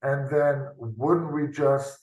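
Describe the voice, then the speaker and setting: A man's voice: mid-range voice, slow pace, darkish tone, dull audio. A man tutoring math in a loose, unscripted lesson, thinking aloud and often ending with tag questions, heard over a video call. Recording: roomy, from off the mic.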